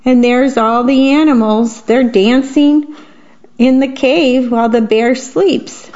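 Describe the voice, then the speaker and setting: A woman reading picture books aloud to children in a gentle manner, pausing to describe the pictures. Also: high voice, fairly even intonation. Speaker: storybook reader. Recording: dull lo-fi recording.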